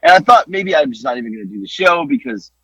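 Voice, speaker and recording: A man co-hosting a casual podcast, telling stories with lively exclamations and some swearing. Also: medium pitch, fast talker, slightly rough, dry recording. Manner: animated storytelling, swearing, exclamations. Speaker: podcast co-host. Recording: dull lo-fi dry podcast audio.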